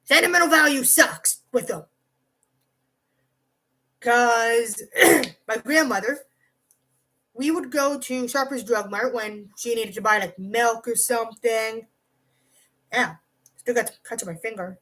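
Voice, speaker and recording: A woman vlogger with a fairly high voice talks slowly, leaving long pauses, on a low-quality recording. She's telling her camera a rambling, profane storytime packed with "like" and side tangents. Her delivery is animated, hopping from one aside to the next.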